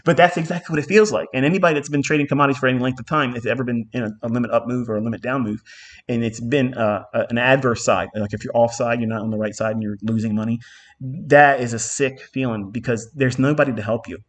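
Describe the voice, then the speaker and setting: A man's voice: medium pitch, steady tone, fast talker. Emphatic, profane male trading mentor. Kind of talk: live trading lesson.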